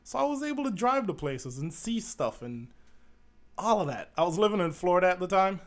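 A man's voice: high voice, sing-song, a little fast. Candid chatty man from Jamaica. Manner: candid, blunt, chatty with many fillers. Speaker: podcast host. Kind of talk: casual monologue.

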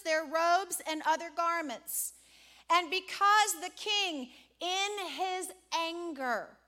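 A woman preaches to her congregation in a very high, bright, forceful voice. She speaks slowly and deliberately, drawing out words for emphasis. She pauses often to quiz her listeners on the next word. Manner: dramatic, drawn-out emphasis, quizzing the congregation. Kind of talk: sermon with call-and-response questions. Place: church before a congregation.

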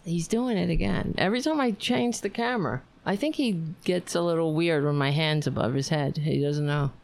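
A woman's voice: low voice, normal speed, creaky, a little mellow. A tired woman hosting a casual livestream, chatting in a playful, rambling way. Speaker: livestream host.

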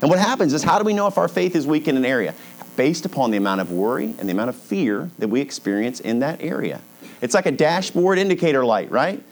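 A man, a pastor, preaching a conversational sermon, reading scripture slowly and dropping softly when he voices God's words. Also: fairly high pitch, very animated, slight background noise.

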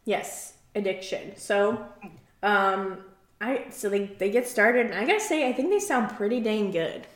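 Speaking at a medium pitch, expressively and without hurry, a woman co-hosts a reality-show recap podcast from an echoey room. The chat is casual, with plenty of fillers and easy laughter.

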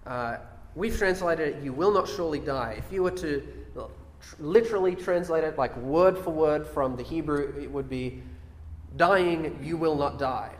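Man preaching, slightly high voice, reverberant hall, long echo. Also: measured pace. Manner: explains verses, reads aloud, rhetorical questions. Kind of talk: sermon on scripture.

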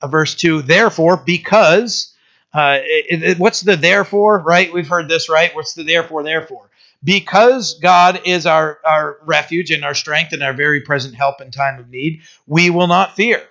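Male preacher, bright tense tone, muffled lo-fi church tape. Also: fairly high pitch, moderate pace. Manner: conversational preaching with restarts and rising emphasis. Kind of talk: sermon.

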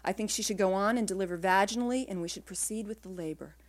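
A woman's voice: mid-range voice, fast talker, natural voice. A woman reading as a fatherly male doctor. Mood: grave. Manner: warm, assured, doctorly. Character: fatherly middle-aged male obstetrician, chipper. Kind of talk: literary reading.

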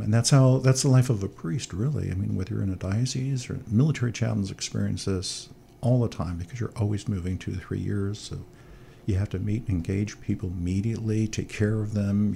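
Interview guest: male military chaplain, gravelly and mellow, upbeat anecdotes. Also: lowish voice, slight background noise. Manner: animated storyteller, upbeat. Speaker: chancellor of military archdiocese.

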